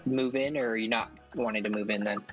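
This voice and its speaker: A man's voice: on the low side, fairly even intonation, quick pace, a bit bright, soft background music. Jokey man on a game call. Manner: jokey, laughs often. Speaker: board game player. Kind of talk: casual game-table banter. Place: online voice call.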